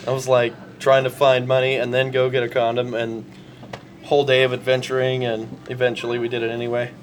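A young man co-hosting a casual podcast, laughing easily and talking haltingly with many fillers. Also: medium pitch, completely flat delivery, a little hiss or hum. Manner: giggly, hesitant, full of fillers. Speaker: podcast co-host. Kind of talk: casual chat.

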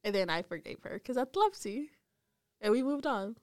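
A young woman co-hosting a podcast in casual chat, teasing and quick to react. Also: fairly high pitch, sing-song, no echo, clean studio sound. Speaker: podcast co-host.

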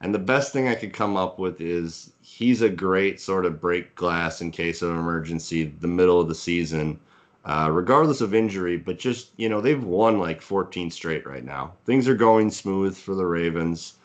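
A man's voice: low-pitched, moderate pace. A man co-hosting a fantasy football podcast, giving casual analysis with many fillers and hedges. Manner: hedging, filler-heavy, analytical. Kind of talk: casual sports analysis chat.

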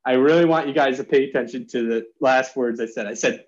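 A man's voice: mid-range voice, fast talker, few pauses. A young man co-hosting a casual podcast, explaining things with puns and laughing often. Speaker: podcast co-host. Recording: slightly dull lo-fi sound.

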